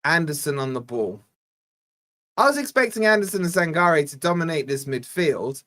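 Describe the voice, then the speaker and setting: A young man from Scotland hosting a live fan watch-along, giving exasperated, chatty play-by-play and reading out viewer shout-outs. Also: on the high side, animated, moderate pace. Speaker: fan channel host.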